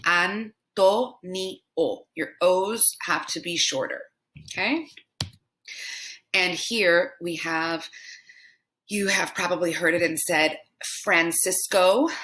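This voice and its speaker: A young woman teaching pronunciation in a language lesson, repeating each word slowly several times. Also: fairly low pitch, bright, forceful tone. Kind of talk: slow, repetitive language lesson.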